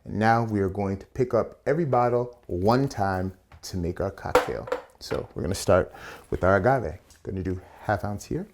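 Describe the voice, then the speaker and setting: A man's voice: fairly low pitch, normal speed, noisy background. A man hosting a casual cocktail tutorial, chatty and playful, with asides and slang as he builds a drink. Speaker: bartender and channel host.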